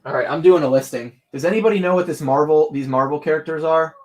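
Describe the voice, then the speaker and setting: Speaking fast in a higher-than-average voice, a young man who resells online talks straight to his live-stream viewers. He's casual and excitable, laughing a lot, and he's broadcasting from his home office.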